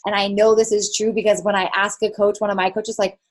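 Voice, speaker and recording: A woman talks fast in a level, mid-range voice while giving her team a candid pep talk on a call. As a network marketing fitness coach, she's casual and blunt, leaning on fillers and dropping the occasional swear.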